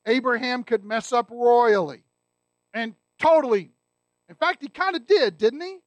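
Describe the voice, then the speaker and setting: A man's voice: extremely high pitch, a little slow, no echo. A man preaching a sermon, emphatic and asking the congregation rhetorical questions. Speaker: pastor.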